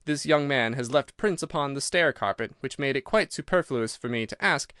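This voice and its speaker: A man reading an audiobook, voicing a cool, incisive detective who reasons in a crisp, assured way. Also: mid-range voice, animated, moderate pace, sharp tone, no room sound, clean studio sound. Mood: amused.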